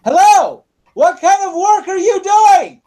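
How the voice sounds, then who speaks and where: A man voicing a deaf male human records clerk in a tabletop role-play, with a high, loud, overly formal manner. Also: expressive, slow pace, full character voice.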